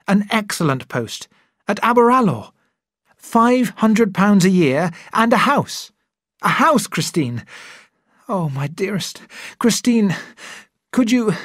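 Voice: mid-range voice, no echo, clean studio sound, voice pushed up, natural voice. A reader voicing an eager, earnest young male doctor who talks in a raised, lifted tone.

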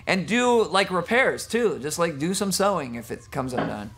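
A man's voice: fairly high pitch, big pitch swings, moderate pace, noisy background. A man teaching a jiu-jitsu class over a video call, teasing students between technique corrections. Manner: joking, teasing coach giving technique corrections. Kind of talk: online class instruction.

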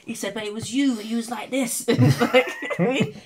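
A woman, a singer who is a guest on a podcast, telling a story in an animated way, swearing and laughing in casual chat. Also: on the high side, moderate pace, a crowd in the background.

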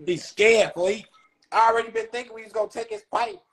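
A man's voice: sits high, steady tone, quick pace. A young man from Chicago with a Chicago accent, ranting and taunting in casual livestream talk full of street slang. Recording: faint background noise.

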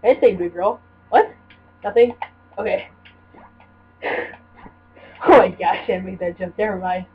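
A young woman in a let's play talks in a mid-range voice, unhurried and leaving long pauses. She rambles casually about the game with plenty of fillers and restarts. The audio is dull and lo-fi, with a faint hiss underneath.

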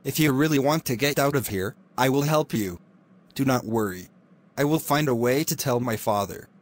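A man voicing a kind young prince who speaks gently and reassuringly. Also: medium pitch, normal speed, lightly acted. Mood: gentle.

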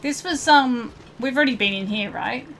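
A woman's voice: a little high, moderate pace, a bit bright, a little hiss or hum. A woman giving casual let's play commentary, chatting to viewers and swearing at game characters.

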